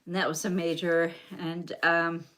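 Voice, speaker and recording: A woman's voice: on the low side, flat delivery, a little slow, fairly bright tone. A woman with a Southern US accent giving a rambling, chatty live-stream tarot reading, talking straight to her viewers. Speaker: tarot reader.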